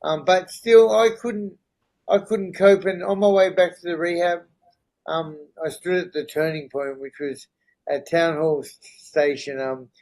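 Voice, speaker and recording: On a podcast, a middle-aged man whose voice sits a bit higher than most men's tells his story candidly and earnestly. His intonation is fairly even and his tone a little mellow, and he pauses often to ask "right?" or "you know?", though the audio is poor.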